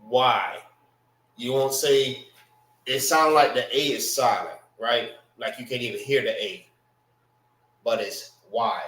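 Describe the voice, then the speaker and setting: Slow-talking man teaching in an echoey room. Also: medium pitch, fairly bright tone. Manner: slow, repeats words for students to follow. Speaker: language class teacher. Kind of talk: classroom lesson on pronunciation. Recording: echoey room, mic far off.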